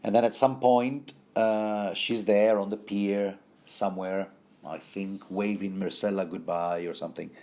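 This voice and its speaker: A man's voice: fairly low pitch, fairly even intonation, a little slow, a little mellow. A man giving a rambling, casual book commentary, full of fillers and wry asides.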